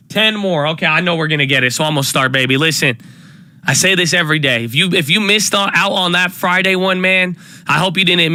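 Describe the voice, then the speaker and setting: A man's voice: high-pitched, dry recording. A man hosting a live stock trading stream, talking casually and hyping up his viewers with repeated calls. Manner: hype, energetic, repeats phrases. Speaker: livestream stock trading host.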